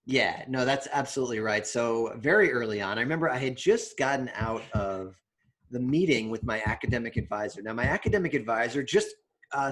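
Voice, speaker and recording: A young man co-hosting a podcast, telling stories in a relaxed, chatty way with many fillers and restarts. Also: mid-range voice. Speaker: podcast co-host. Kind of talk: casual chat.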